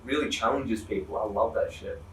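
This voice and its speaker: A man's voice: fairly low pitch, normal speed, distant mic, crowd noise. A man with an Australian accent, a guest on a podcast, joking and laughing in casual chat. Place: hotel room. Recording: echoey room, off mic, faint background noise.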